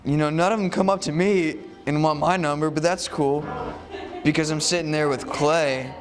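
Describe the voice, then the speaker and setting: A man's voice: fairly high pitch, steady tone, moderate pace, faint music behind. A man vlogging, telling a casual story in a rambling way, full of "you know" and "like".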